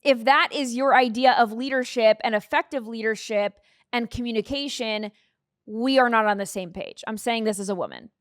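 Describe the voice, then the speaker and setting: Brief: woman host, opinionated live-stream talk, slightly high voice, dry close sound. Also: normal speed, dry recording. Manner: opinionated, conversational, reads out comments.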